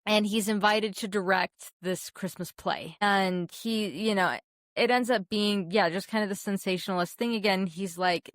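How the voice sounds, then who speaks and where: A young woman co-hosting a film podcast, talking warmly and emotionally about a favorite holiday special, often restarting her sentences. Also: mid-range voice, steady tone, normal speed, no room sound, studio quality. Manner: heartfelt, emotional, many restarts. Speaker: podcast co-host. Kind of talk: casual film chat.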